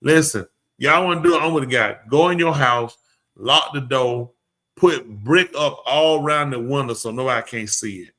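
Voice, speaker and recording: A man's voice: medium pitch, normal speed, bright, forceful tone. A man hosting a live podcast show, ranting bluntly and opinionatedly in casual chat and addressing the people around him. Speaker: podcast host.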